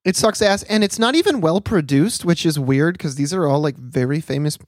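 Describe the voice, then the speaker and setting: A man's voice: on the high side, animated, brisk, no room sound, studio quality. A man co-hosting a casual chat podcast, sarcastic and profane, laughing often. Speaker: podcast co-host.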